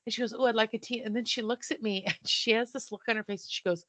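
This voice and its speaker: Bright lively woman telling a story. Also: medium pitch, quick pace, no echo. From not from the South. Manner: animated, breathless retelling with quoted dialogue. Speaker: podcast co-host. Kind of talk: casual storytelling chat.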